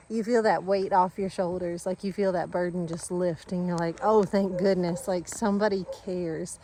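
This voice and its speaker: Strolling outdoors around a rural driveway and yard, a family farm channel vlogger rambles warmly and earnestly to her viewers and chats with her animals too. She speaks at a normal speed with a fairly low pitch, a steady tone and few pauses. Slight background noise can be heard.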